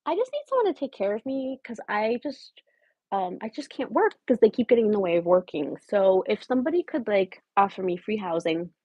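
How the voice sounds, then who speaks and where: A woman's voice: mid-range voice, big pitch swings, a little fast, dark tone, husky, dry recording, highs cut off. A woman playing a scheming homeless woman in her late twenties who wheedles her live chat for a place to stay, shifting into sudden whispers. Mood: wheedling. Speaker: comedic livestream host. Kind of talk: improvised parody livestream.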